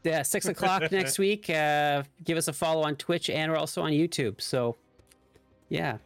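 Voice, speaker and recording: A man's voice: fairly high pitch, moderate pace, a bit bright, smooth, no room sound, soft background music. A man narrating as game master of a streamed tabletop game, in a laid-back descriptive way.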